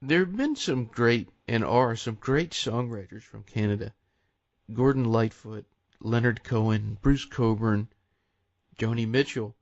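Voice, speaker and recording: A man's voice: mid-range voice, unhurried, no echo. Polite guy hosting an interview, ordinary middle voice, muffled lo-fi sound. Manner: polite, courteous questioning. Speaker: radio interview host. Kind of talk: interview questions. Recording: dull lo-fi sound, dry.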